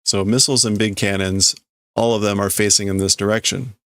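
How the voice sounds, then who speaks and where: A man's voice: lowish voice, flat delivery, brisk, fairly bright tone, clean tone, dry recording, studio quality. A man streaming live as he reads a manga aloud and translates it, thinking aloud and hesitating over the words. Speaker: streamer host.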